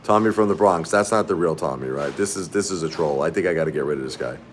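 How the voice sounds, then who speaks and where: A middle-aged man hosting a livestream from a fast-food restaurant. He rambles casually to his chat, repeating himself and calling viewers by name. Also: a bass voice, slight background noise. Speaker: livestream host.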